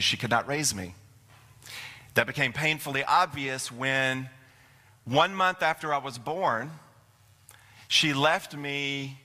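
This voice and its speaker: A man's voice: mid-range voice, bright, forceful tone. A middle-aged man giving a folksy, storytelling sermon as a minister in a church. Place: church sanctuary. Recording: long hall reverb.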